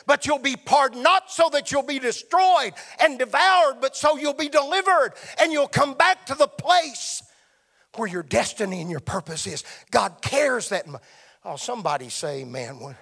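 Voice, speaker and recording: A man's voice: extremely high pitch, creaky, bright, forceful tone. A man preaching a sermon with emphatic delivery that swells and drops. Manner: emphatic, rising and falling delivery.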